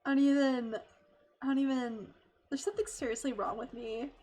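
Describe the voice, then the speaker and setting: A woman streaming live as a VTuber, chatting casually with her chat, giggly and excitable, swearing freely and squealing as she thanks viewers. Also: sits high, fairly quick, faint music behind. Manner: talks to chat, thanks subscribers.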